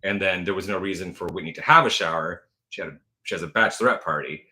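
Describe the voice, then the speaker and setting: Host type: man in his forties, low voice with a bright edge, chatty livestreamer who laughs a lot. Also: quick pace. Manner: chatty, gushing, laughs often, answers viewer comments. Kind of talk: casual livestream chat.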